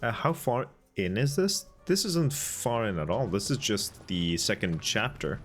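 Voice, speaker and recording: A male game streamer with a lowish voice chats slowly and casually as he plays. He rambles, filling pauses with ums and uhs. Soft game music sits under his talk. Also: lively intonation. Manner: laid-back, rambling, with frequent ums and uhs. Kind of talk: casual gameplay commentary.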